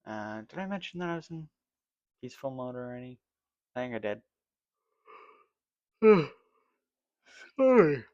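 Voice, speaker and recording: A man's voice: medium pitch, expressive, fairly quick, long pauses, no echo, lo-fi sound. A man casually rambling through gameplay commentary for his channel, yawning and correcting himself as he talks, sleepy with a dry mouth. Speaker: gaming channel host.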